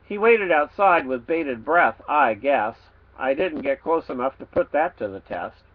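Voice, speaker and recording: A man, the author, reading his children's storybook aloud with playful, expressive delivery. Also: medium pitch, unhurried, phone-quality sound.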